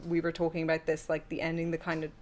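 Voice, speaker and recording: A woman's voice: deep voice, monotone, fast talker. A woman reviewing films in a casual panel chat, gushing and full of fillers. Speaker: film reviewer.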